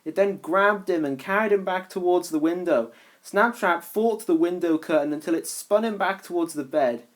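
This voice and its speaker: A woman's voice: on the low side, moderate pace. A woman reading a fan story aloud, shifting voices for each character. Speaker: reader.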